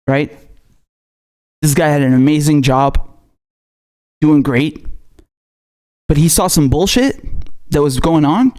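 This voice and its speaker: A man's voice: fairly high pitch, a little mellow. A man angrily ranting as a political commentator, swearing constantly and mocking his targets. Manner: profane, furious ranting with sarcastic mock quotes. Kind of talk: angry political rant.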